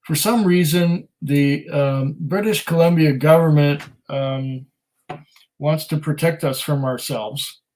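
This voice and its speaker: A man with a somewhat high voice hosts a whisky livestream from home. He reads viewer comments aloud in casual, rambling chat and is modest about himself. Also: takes it slowly, a little mellow, low-quality recording. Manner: rambling and self-deprecating, with many fillers and laughs. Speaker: whisky channel host.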